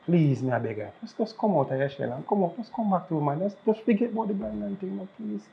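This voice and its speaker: A man's voice: sits high, expressive, quick pace, gravelly. A man playing a pleading Jamaican father. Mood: begging. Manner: earnest, repeats himself when begging. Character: worried father, middle-aged, stern and loving. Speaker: father pleading with his troubled daughter. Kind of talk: improvised family drama skit. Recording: slightly dull lo-fi sound.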